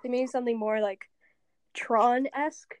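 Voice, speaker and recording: High-voiced young woman telling game stories. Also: normal speed, slight background noise. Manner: animated storyteller who acts out quotes. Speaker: podcast co-host. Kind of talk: casual chat about a video game. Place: at home.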